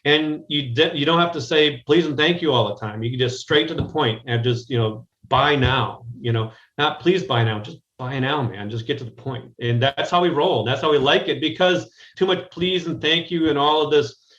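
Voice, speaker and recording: A slightly high, slightly bright male voice comes from a business strategist in Chicago, an American guest on a remote interview call. He talks a little fast, directly and ramblingly, restarting often, in a reverberant space with dull audio.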